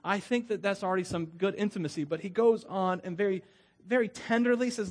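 A middle-aged pastor preaches in a loose, conversational way. His voice sits a little high for a man, and he often laughs at his own asides. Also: normal speed. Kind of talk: sermon.

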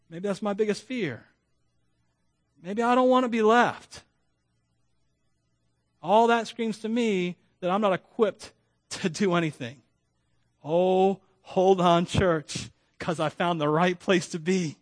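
Animated preaching man, a little high. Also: a little slow, long pauses, no room sound, studio quality. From Florida. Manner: animated preaching with asides and self-deprecating humor. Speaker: pastor. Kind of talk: sermon.

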